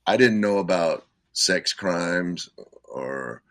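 Gravelly older man telling stories. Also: sits low, animated, slow pace, a bit bright, no room sound. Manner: rambling, frequent "you know", laughs often. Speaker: musician guest. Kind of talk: casual storytelling.

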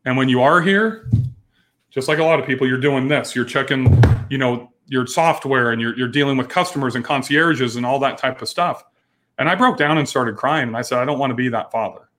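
A man's voice: mid-range voice, normal speed, fairly bright tone. A man in his forties, a business owner telling his story frankly in an interview, with frequent restarts. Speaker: entrepreneur guest.

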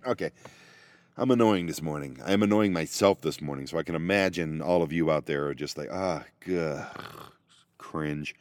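The man's voice is extremely low and fairly quick, captured as a dry, clean studio-sounding recording. He's a vanlife vlogger chatting casually by himself from a parked minivan via laptop microphone, rambling and making goofy self-mocking remarks.

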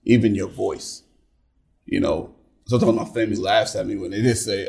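A man's voice: on the low side, steady tone, normal speed, creaky, a little mellow. A man in casual conversation, talking emphatically and asking rhetorical questions. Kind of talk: casual chat.

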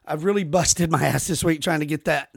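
Gravelly guy rambling on his podcast, swears a lot, dry close mic. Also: fairly high pitch, brisk, no echo. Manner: rambling, profane storytelling with many restarts. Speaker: podcast host. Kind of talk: casual podcast chat.

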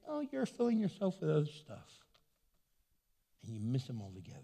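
A man preaching a sermon as pastor, animated and acting out the voices of people he quotes. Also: fairly high pitch, brisk, gravelly, long pauses. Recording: long hall reverb.

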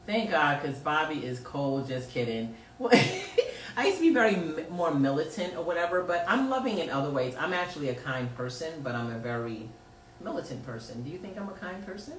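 A woman's voice: sits low, very animated, fairly quick. Laughing slangy woman host, echoey and distant. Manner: laughing, teasing, loose slangy delivery. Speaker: podcast host reading live chat. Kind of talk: casual chat. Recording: roomy echo, distant mic, faint noise.

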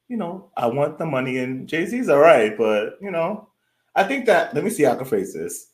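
A man's voice: on the high side, very animated, moderate pace. A man co-hosting a podcast in a rambling, easygoing casual chat, laughing often. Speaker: podcast co-host. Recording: roomy echo.

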